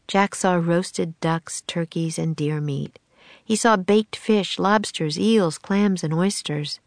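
A woman narrating a children's audiobook in a calm, even storytelling manner. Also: on the low side, slow pace, no room sound, studio quality. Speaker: audiobook reader.

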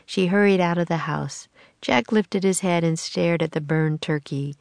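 Low, gravelly woman reading aloud. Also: moderate pace, no echo. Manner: calm, even storytelling. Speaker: audiobook reader. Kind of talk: children's audiobook narration.

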